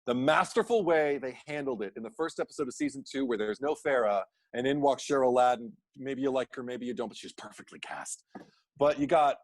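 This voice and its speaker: A man co-hosting a podcast in casual chat, an animated storyteller who acts out quotes in high put-on voices, laughs often and swears. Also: fairly quick, no echo. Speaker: podcast co-host.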